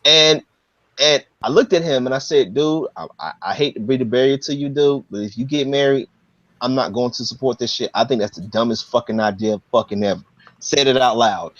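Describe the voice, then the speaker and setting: Excitable, profane man telling a story. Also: medium pitch, a little fast, no echo. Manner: animated, profane storytelling with many restarts. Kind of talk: casual chat. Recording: dry, dull lo-fi audio.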